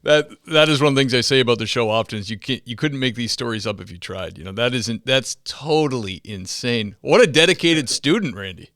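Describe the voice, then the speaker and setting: Forceful male podcast host, dry sound. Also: medium pitch, lively intonation, no echo. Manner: quick reactions and laughter, asking follow-up questions. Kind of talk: casual interview chat.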